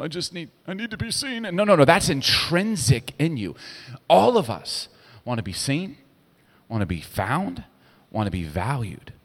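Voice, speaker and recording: A middle-aged man preaching a sermon, telling stories with lively swings from hushed to loud. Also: medium pitch. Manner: animated storytelling, swinging between hushed and loud. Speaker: pastor. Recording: long hall reverb.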